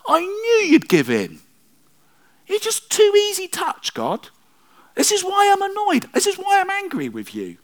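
A man's voice: fairly high pitch, creaky, a bit bright, exaggerated voice. A man voicing an exasperated, indignant male prophet who pleads and then rants at God in a sermon retelling. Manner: whiny, pleading, rising to indignant outbursts.

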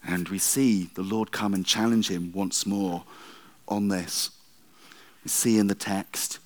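A male preacher delivers a sermon in a conversational, storytelling way, dropping in wry humorous asides. His delivery is animated, swinging from loud emphasis down to hushed, low stretches. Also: slow.

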